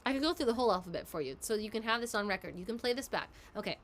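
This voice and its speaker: A woman voice actress casually chatting and answering fan questions on a live stream, giggly and quick. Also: mid-range voice, expressive, slight background noise.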